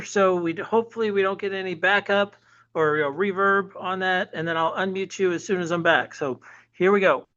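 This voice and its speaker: A man's voice: high voice, fairly even intonation, moderate pace, a bit bright, dull audio. A man presenting at a camera club meeting, chatty and loose, with many restarts, talking to the room. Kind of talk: casual interactive presentation.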